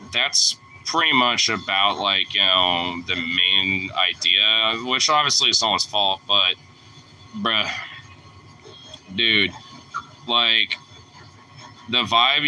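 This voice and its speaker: A young man tells a story in a loose, rambling way, swearing often and leaning on filler words. His voice is a little low, and it sounds bright and forceful. A faint noise runs behind him. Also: rough recording. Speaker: vlogger. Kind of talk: casual storytelling.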